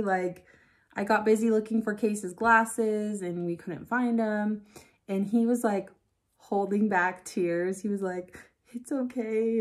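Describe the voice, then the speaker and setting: Chatty woman vlogger doing her makeup. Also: mid-range voice. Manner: chatty, storytelling, laughs easily. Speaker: beauty vlogger. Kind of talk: casual chat while doing makeup.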